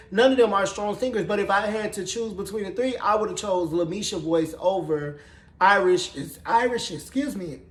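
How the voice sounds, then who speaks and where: A man recapping a TV show episode in casual, gossipy chat, sassy and profane, with animated storytelling. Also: sits high. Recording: roomy echoey room.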